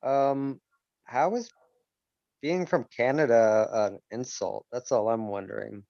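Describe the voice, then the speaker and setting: A man judging a roast competition over voice chat, hesitant and measured, starting with fillers. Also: mid-range voice, creaky, warm tone, no room sound. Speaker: judge. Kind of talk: giving feedback over voice chat. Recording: dull lo-fi voice chat.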